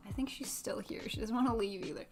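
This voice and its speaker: A woman's voice: fairly high pitch, quick pace, darkish tone, faint music behind. A woman around thirty chatting casually on a livestream while building model kits, cooing at her cats and often dropping into a whisper. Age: about 30.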